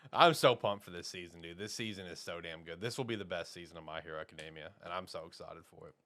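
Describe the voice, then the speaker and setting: A young man co-hosting a podcast, chiming in with quick, excitable agreement. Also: low-pitched. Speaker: podcast co-host. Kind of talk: casual anime chat.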